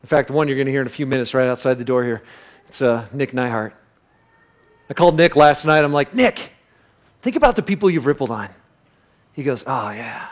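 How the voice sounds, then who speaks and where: A man preaching a sermon, telling a lively story with sudden loud bursts and then dropping to a soft, low voice for reflective points. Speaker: pastor.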